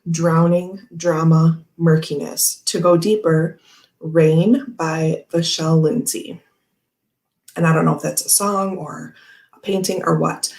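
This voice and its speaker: A woman's voice: fairly low pitch, vocal fry, darkish tone, echoey room. A woman hosting a casual tarot livestream, chatting and reading viewer comments aloud in a giggly, rambling way full of "like" and "okay, anyway.".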